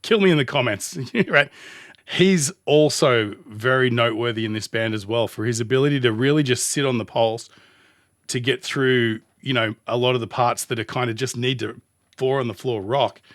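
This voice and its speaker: An Australian man, a music producer, giving casual commentary as he reacts to a song, thinking aloud and rambling as he pauses the track. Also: mid-range voice, fairly bright tone, dry recording, clean studio sound.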